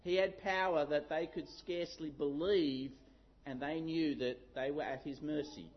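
A middle-aged man preaching a sermon, telling a story with lively acted-out shouts. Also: fairly high pitch, unhurried. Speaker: pastor. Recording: dull lo-fi sound.

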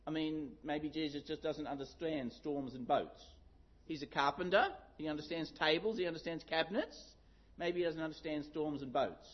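A middle-aged man preaching a sermon, telling a story with lively acted-out shouts. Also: on the high side, normal speed. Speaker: pastor. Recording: dull lo-fi sound.

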